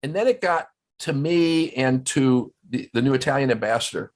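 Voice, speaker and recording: A man telling stories in casual conversation as a guest at a round-table talk, animated and full of restarts. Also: mid-range voice, normal speed. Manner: storytelling, animated, many restarts. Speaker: guest, former ambassador. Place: indoors, round-table discussion.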